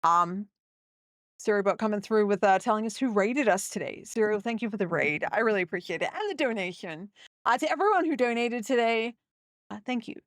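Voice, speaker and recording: A young woman talks through a live gameplay stream with a chatty, rambling manner, thanking and joking with her viewers. Her voice sits at a middling pitch and sounds close and dry, with almost no room around it. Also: lively intonation, fairly quick, dry recording. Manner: chatty and rambling, talking to chat.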